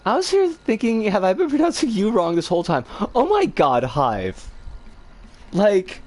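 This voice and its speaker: Woman streamer just chatting w her chat, voice swings super high to low constantly, rambly, curses a lot, makes fun of herself. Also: normal speed. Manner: animated and exclamatory, swears freely; self-deprecating, rambling. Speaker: livestreamer. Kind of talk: casual livestream chat, reacting to chat.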